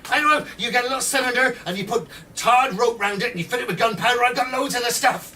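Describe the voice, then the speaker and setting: A man's voice: very high-pitched, normal speed, sharp tone, voice pushed up. A man voicing a scheming male plotter, urgent and pushy as he recruits people, heard from a distant mic with faint room noise. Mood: gleeful.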